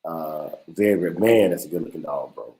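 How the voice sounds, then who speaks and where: Low-voiced guy hosting a dog podcast stream, easygoing, says man a lot, mellow tone. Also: fairly quick, creaky, poor audio. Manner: laid-back, slangy, repeats words. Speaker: podcast host. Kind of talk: casual livestream chat.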